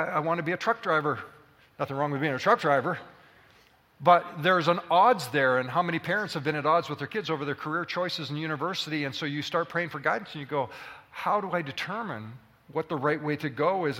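A man preaching a sermon to a congregation, lively and full of questions to the room. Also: fairly high pitch, a little fast. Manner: animated, addresses the congregation with questions. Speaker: pastor. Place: church hall. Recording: hall reverb.

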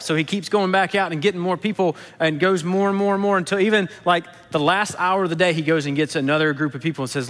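A man's voice: fairly high pitch, steady tone, quick pace, fairly bright tone. Man preaching a casual sermon in a hall. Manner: casual storytelling, acts out quotes. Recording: echoey hall.

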